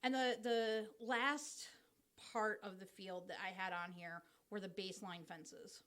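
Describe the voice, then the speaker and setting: A woman's voice: mid-range voice, fairly even intonation, measured pace, a bit bright. A young woman co-hosting a casual podcast, explaining the game step by step with lots of ums. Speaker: podcast co-host explaining baseball.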